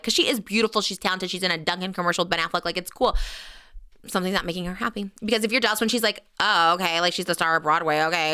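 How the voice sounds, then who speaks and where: A young woman hosting a podcast, gossiping in an animated way and acting out what others said. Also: medium pitch, clear, resonant tone. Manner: rapid, animated, acts out others in quoted voices. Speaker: podcast host. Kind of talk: casual gossip chat.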